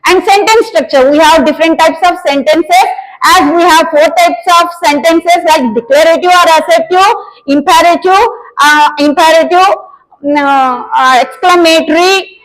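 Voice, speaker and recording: A woman teacher with an Indian English accent and a very high voice walks students through exam topics. She defines each term in turn, often with "nothing but", in a steady explanatory lecture. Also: moderate pace, low-quality recording.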